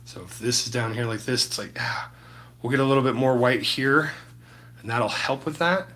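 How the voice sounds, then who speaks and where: A man's voice: medium pitch, moderate pace, sharp tone. A man chatting casually to his viewers while painting on a live stream, rambling and swearing freely. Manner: laid-back, rambling, swears freely, chats to viewers by name.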